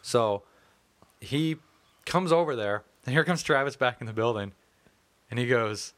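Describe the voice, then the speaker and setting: A man recounts a workplace blow-up in casual, profane chat. His voice sits at a middle pitch, and his telling is lively and often breaks into laughter. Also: a little slow. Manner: profane, animated, laughing anecdotes. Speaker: co-worker telling story.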